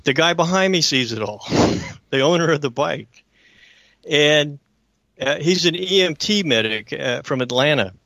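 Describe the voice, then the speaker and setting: A man's voice: mid-range voice, bright, forceful tone, no echo. A man hosting a talk radio show, telling a personal story in an earnest, emphatic way and often checking in with his listeners.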